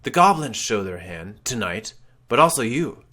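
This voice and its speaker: A man voicing an ancient ghostly wraith sorcerer who declaims slowly and grandly. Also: very animated, sharp tone. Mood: commanding. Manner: slow, booming, grandly declaiming.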